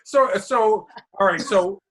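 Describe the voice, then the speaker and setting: A man's voice: high-pitched, slow, fairly bright tone. A man co-hosting a podcast in a casual chat, asking the questions and steering the talk. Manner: chatty, leads the questions. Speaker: podcast co-host.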